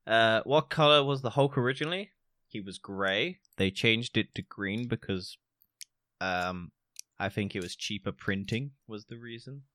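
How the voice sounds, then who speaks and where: Male podcast quizmaster, bright forceful tone, dry close mic, jokey delivery. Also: lowish voice, dry recording. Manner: playful, jokey, reads options with comic pauses. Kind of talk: casual podcast quiz.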